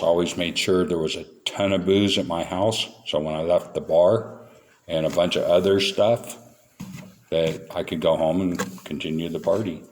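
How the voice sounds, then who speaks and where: Low-voiced man telling his recovery story. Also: a little mellow. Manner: candid, storytelling, playful self-mockery. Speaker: recovery meeting speaker. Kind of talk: recovery talk to a meeting.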